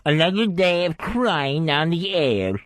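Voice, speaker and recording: A droopy, self-loathing cartoon dog, done by a man drones out insults at himself in a slow, drawling lilt. The pitch swoops and sags in a lively way while the pace stays crawling. The sound is close and dry. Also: dry recording. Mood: glum, self-pitying. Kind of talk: comic bit on talk radio.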